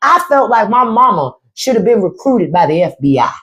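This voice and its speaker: A middle-aged woman hosting a live stream speaks a little fast in a medium-pitched voice. As a podcast host, she tells profane, animated stories casually and acts out the quotes.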